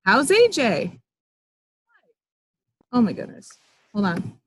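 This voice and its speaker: A woman's voice: a little high, wildly swooping pitch, slow, husky, no room sound, poor audio. Chatty upbeat woman coaching on a call. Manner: chatty and upbeat, with fillers and acted-out example dialogue. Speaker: network marketing coach. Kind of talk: live online training call.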